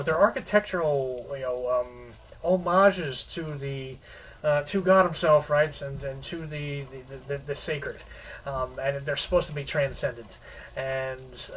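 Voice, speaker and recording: A man with a somewhat high voice talks through a short story in a loose, casual recap. He stalls and restarts his phrases often, circling back as he explains. Faint background noise sits under his voice. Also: far from the mic, rough recording. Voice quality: halting, rambling, restarts mid-phrase.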